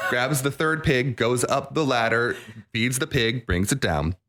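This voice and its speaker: A man's voice: mid-range voice, slow pace, pushed and bright. A man co-hosting a podcast, telling a long shaggy-dog joke and laughing at his own punchline. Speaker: podcast co-host.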